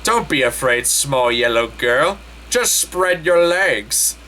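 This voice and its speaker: A man voicing a male wizard professor who speaks calmly, softly and low, drawing out his words. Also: slow pace, slight background noise. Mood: sultry. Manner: calm, soft, low and drawn out.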